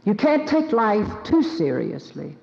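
A woman's voice: mid-range voice, very animated, unhurried, gravelly, a little mellow. A woman, telling folksy, self-mocking stories to an audience and taking questions. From Southern United States. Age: 70s. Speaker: guest speaker taking questions. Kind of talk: storytelling talk to an audience. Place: auditorium with live audience. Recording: lo-fi recording in a reverberant hall.

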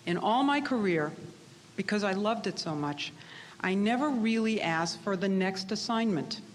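A woman's voice: mid-range voice, expressive, moderate pace, long reverb tail, a little hiss or hum. A middle-aged woman giving a personal speech to graduates, telling her story in a candid, self-deprecating way. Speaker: speaker addressing graduates.

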